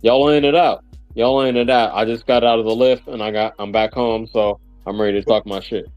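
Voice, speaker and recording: A man's voice: lowish voice, level tone, a little fast, dry recording, dull audio, soft background music. A man in casual boxing chat over a livestream call, joking and brash, cursing freely. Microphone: remote livestream call.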